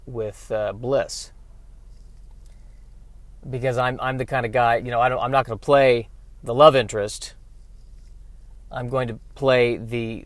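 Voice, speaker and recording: A man's voice: medium pitch, a bit bright, no room sound. A man, an actor, chatting casually in a self-deprecating, rambling way while driving his car. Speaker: character actor.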